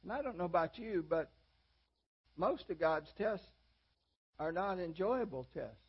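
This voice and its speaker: A man's voice: high voice, lively intonation, unhurried, breathy edge. An older man preaching a sermon in a folksy, self-deprecating way, with sudden emphatic rises. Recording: dull lo-fi audio.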